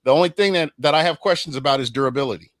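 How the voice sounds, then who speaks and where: Measured man talking football, dry sound. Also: fairly high pitch, no echo. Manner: measured, many "you know" fillers. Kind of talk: casual sports podcast chat.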